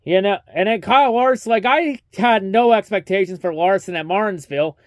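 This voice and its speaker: Young man, high voice, clear smooth tone, dry close sound, casual race recap, ranting and swearing. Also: a little fast, dry recording. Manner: ranting, heavy swearing, mocking. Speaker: racing recap vlogger.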